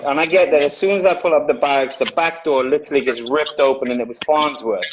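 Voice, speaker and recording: A man, an actor guest, telling a lively anecdote in casual talk on a video call, swearing freely. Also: fairly high pitch, fast talker, few pauses, highs cut off. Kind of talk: casual storytelling.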